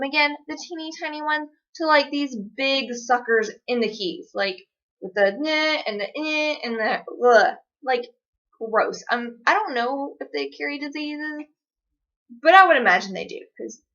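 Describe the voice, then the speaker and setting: A woman's voice: a little high, unhurried, a bit bright. A young woman, chatting sarcastically as she tells stories to the camera. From Georgia, USA. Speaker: vlogger. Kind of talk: casual chat. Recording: dull lo-fi recording.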